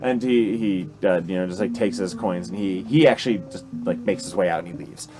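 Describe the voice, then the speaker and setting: Rambling game master narrating a tabletop game. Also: male voice, low voice, fairly quick, music in the background. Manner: rambling, filler-heavy narration.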